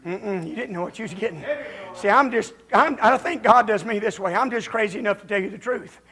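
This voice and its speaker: A man preaching a folksy, confrontational revival sermon as a visiting preacher in a church, building up to shouting. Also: sits high, fairly quick. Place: church during a revival service.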